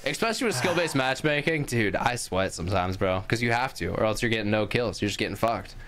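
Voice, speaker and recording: A man's voice: on the low side, lively intonation, fast talker, a bit bright, a little hiss or hum. A young man co-hosting a podcast over an online call, talking casually, loosely and profanely, teasing his friends. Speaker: podcast co-host. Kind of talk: casual chat.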